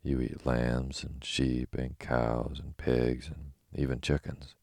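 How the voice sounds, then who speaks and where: A brisk, matter-of-fact yellow hen from a storybook, as a man with a very deep voice reads her. The voice is gravelly, flat and low-key, read slowly for sleep. The sound is dry and close. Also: dry recording, heavily acted. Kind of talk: bedtime story reading.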